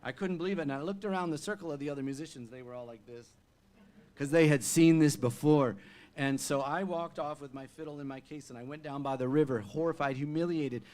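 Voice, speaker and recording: A man with a fairly high voice spinning a chatty, animated story between songs at a live venue. He stumbles into restarts and fillers as he goes, acting out the scene with his hands and voice. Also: brisk. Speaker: folk singer-songwriter.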